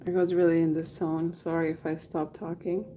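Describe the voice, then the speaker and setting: A woman chatting casually during a henna livestream, relaxed and chatty, trailing off as she concentrates and laughing often. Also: sits low, moderate pace, a little hiss or hum, low-quality recording. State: has the hiccups. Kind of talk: casual chat while working.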